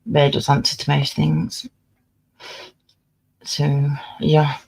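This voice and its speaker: A woman's voice: deep voice, completely flat delivery, slow pace, creaky, a little mellow, slightly rough, poor audio. A woman casually chatting on her livestream, swearing freely and scolding her cat as she talks. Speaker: livestream host.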